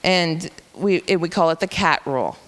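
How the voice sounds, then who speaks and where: A woman's voice: lowish voice, lively intonation, normal speed, big-room sound. A woman teacher patiently explaining reading rules to educators, step by step.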